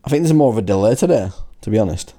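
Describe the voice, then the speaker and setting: A man's voice: on the low side, lively intonation, rapid-fire, mellow. A man with a Wigan accent co-hosting a podcast in casual chat, swearing freely and laughing often. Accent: Wigan, Lancashire. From Wigan, England. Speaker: podcast co-host.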